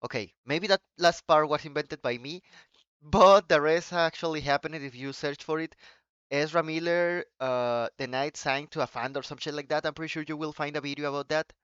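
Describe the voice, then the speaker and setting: A man whose first language is Spanish, live-streaming and chatting to viewers in an excitable, profane rant full of restarts. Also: on the high side, moderate pace, clear, resonant tone, no echo, lo-fi sound. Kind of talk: casual live-stream chat.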